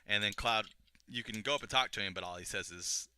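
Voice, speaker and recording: A man's voice: lowish voice, a little fast, pushed and bright, a little hiss or hum. A young man casually retelling a video game story to a friend, rambling with restarts and acting out the characters' lines. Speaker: podcast co-host explaining a game story.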